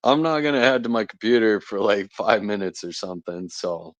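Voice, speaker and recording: A young man chats loosely with his stream audience, laughing between remarks and answering the chat as he goes. He speaks into a phone mic with a lowish voice, and the sound is dry, with little room echo. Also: expressive, fairly quick, dull audio. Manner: chatty, laughs often, reads and answers chat. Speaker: stand-in stream host. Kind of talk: casual live-stream chat. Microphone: phone microphone.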